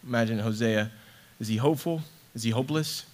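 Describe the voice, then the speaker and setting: A man's voice: mid-range voice, brisk. Earnest man reading and reflecting on scripture. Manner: earnest, heartfelt, repeats words as he searches for them. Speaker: church ministry associate director.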